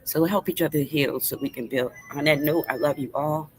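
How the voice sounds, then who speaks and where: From a fast-food restaurant, a woman in her fifties runs a casual livestream, her deep, steady voice a little fast and a little mellow on a low-quality recording. Earnest and emotional, she speaks directly to the chat as her voice trembles.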